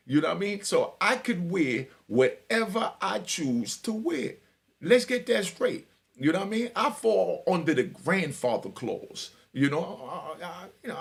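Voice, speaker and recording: Middle-aged man, gravelly and lively storyteller, swaggering, laughs a lot. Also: high-pitched. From New York. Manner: animated, swaggering, laughs often, fills with "you know what I mean". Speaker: storyteller sharing prison stories. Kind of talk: casual storytelling.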